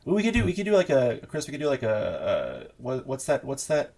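A man's voice: medium pitch, huge pitch swings, brisk, gravelly, a little mellow, husky. Rambling young man, casual podcast chat. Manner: rambling, many fillers and restarts. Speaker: podcast co-host.

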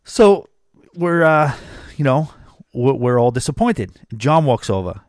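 A man's voice: medium pitch, measured pace, dry recording, studio quality. Chatty New podcast host, man. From New York. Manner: chatty and animated, with frequent fillers. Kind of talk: casual podcast storytelling.

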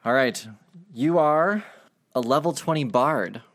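A man runs a tabletop session for his friends, teasing and quick with asides. His pitch swings widely as he hands out characters. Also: animated, fairly bright tone. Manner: playful, laughing, quick asides. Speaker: game master. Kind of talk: running a tabletop game with friends.

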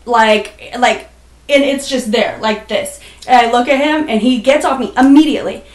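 A woman, a podcast guest, telling a personal story in a blunt, casual way, swearing freely and filling her talk with "like" and "um". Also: on the high side. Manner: blunt, swears freely, rapid with many fillers. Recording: roomy echoey room.

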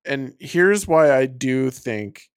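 A young man co-hosting a podcast in casual chat, laid-back and swearing, slowing down to make his points. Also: medium pitch, animated, smooth, no room sound, clean studio sound. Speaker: podcast co-host.

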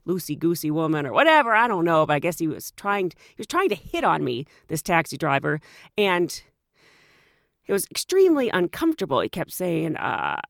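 A woman who works as a flight attendant, telling a story in a chatty, animated way with frequent fillers. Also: lowish voice, brisk, creaky, no room sound, studio quality. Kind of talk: casual storytelling.

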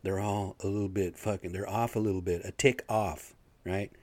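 Blue-collar man venting alone, profane and rambling, low pitch, dead-dry room. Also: steady tone, normal speed, a little mellow, dry recording. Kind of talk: casual solo rant.

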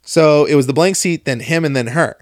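A man's voice: a little high, a little fast, dry recording, clean studio sound. A young man chatting casually as a podcast co-host, telling stories with lots of swearing and animation. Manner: profane, animated storyteller. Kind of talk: casual chat.

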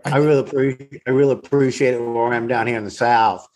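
A man's voice: mid-range voice, steady tone, a little fast, darkish tone. A man who is a guest actor, telling stories from set over a remote call with weak wifi, emphatic and swearing freely. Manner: emphatic, profane storytelling.

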